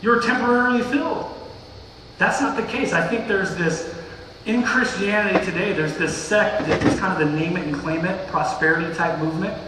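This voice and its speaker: A man preaching a casual sermon as pastor, retelling a passage in slangy, animated everyday talk. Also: sits high, normal speed, heavy background noise. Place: church sanctuary. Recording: echoey hall, distant mic.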